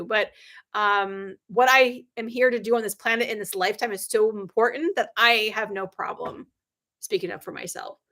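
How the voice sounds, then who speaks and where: A middle-aged business coach hosts a livestream, her high, bright voice carrying chatty, sarcastic anecdotes. She's an animated storyteller who acts out quoted dialogue with big pitch jumps, laughing and saying um often, always candid.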